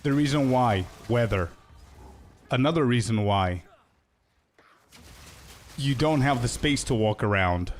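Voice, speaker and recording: A man's voice: mid-range voice, expressive, measured pace, long pauses. A man streaming a game, chatting casually with viewers in a laid-back, slangy way and laughing often.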